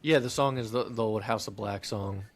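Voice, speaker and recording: A man's voice: fairly low pitch, normal speed. A man co-hosting a casual podcast, running through recap notes in a matter-of-fact way with frequent ums. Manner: matter-of-fact, listing events with filler ums. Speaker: podcast co-host.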